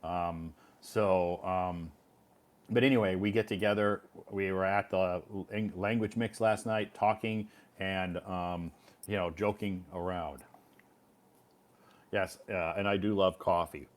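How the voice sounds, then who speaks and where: A man's voice: deep voice, fairly even intonation, a little slow. An American man hosting a casual live stream, talking in a rambling way with many fillers. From United States. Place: home in Beijing.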